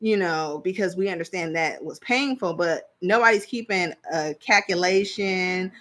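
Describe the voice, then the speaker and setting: A woman's voice: lowish voice, normal speed, a bit bright. Woman, casual reality TV recap, blunt, chatty, laughs a lot. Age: adult parent. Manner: chatty, blunt, laughs often, trails off searching for names. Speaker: reality TV reviewer. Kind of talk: casual commentary.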